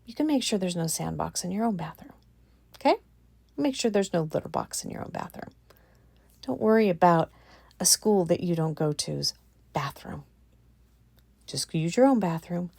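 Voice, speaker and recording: A woman giving a casual commentary monologue on her channel, animated and incredulous, repeating her points for emphasis. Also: fairly low pitch, moderate pace, creaky, long pauses, dry recording. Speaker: vlogger.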